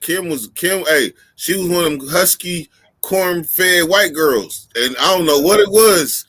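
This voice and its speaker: Bright-voiced man telling stories. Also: high-pitched, unhurried, no room sound. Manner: animated storyteller, profane, slangy. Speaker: podcast host. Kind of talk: casual chat.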